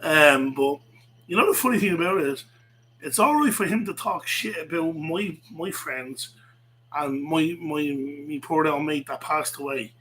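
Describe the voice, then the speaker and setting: Man, bright edgy voice, rambling profane rant, faint hum behind. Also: fairly high pitch, expressive, moderate pace, rough recording. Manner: profane, rambling, many fillers and restarts. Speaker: vlogger.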